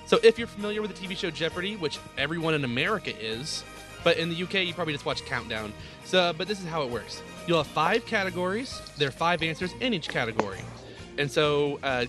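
A man hosting a playful quiz game on a podcast, explaining the rules and laughing often. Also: on the high side. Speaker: quiz host.

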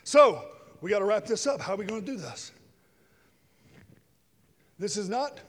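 Middle-aged male preacher, high-pitched, shifting between loud preaching and quiet jokes, with reverb from the church hall. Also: animated, normal speed. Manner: swings from shouted preaching to quiet joking asides. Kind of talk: sermon with personal stories. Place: church sanctuary with long reverb.

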